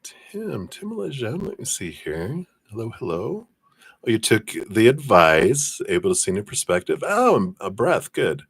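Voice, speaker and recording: A man giving a live-streamed card reading, chatting to viewers by name and passing on messages in a drawn-out, hesitant way. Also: fairly low pitch, sing-song, vocal fry, slightly rough, dry recording. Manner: chatty, reads viewer names and passes on spirit messages. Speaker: tarot reader.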